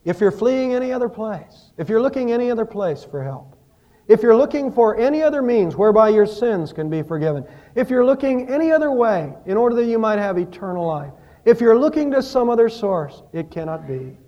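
A pastor preaching a sermon, telling stories and rising and falling in emphasis. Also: male voice, very high-pitched, sing-song, a little fast, mellow, lo-fi sound.

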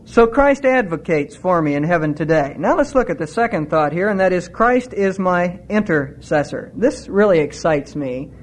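A middle-aged male preacher with a notably high voice delivers his sermon with earnest conviction. His pitch climbs further when a thought excites him, and he moves between teaching and heartfelt emphasis. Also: normal speed, few pauses.

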